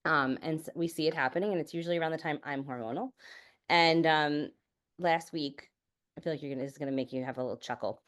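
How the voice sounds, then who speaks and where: A woman's voice: sits low, quick pace, fairly bright tone. A woman chatting casually on a podcast, telling candid family stories, swearing freely and filling her speech with "like" and "you know". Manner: many fillers like "like" and "you know". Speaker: podcast guest. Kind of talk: casual chat.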